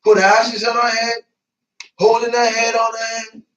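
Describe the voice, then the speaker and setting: A man preaching a sermon in a church, lively and colloquial, laughing and breaking into asides. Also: very high voice, normal speed, lo-fi sound, a little hiss or hum. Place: church sanctuary. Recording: echoey church, mic at a distance.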